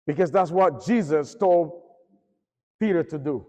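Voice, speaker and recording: A man with a high voice delivers a sermon, telling a story with lively swings in pitch and force. His voice rings through a church hall with a long echo. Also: measured pace, muffled recording. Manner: animated, rises and falls in pitch and force. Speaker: preacher.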